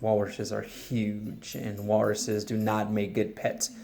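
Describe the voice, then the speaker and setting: A man reading a picture book aloud to children and explaining it in a gentle, patient way. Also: on the low side, completely flat delivery, takes it slowly, vocal fry, background noise. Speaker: storyteller for children.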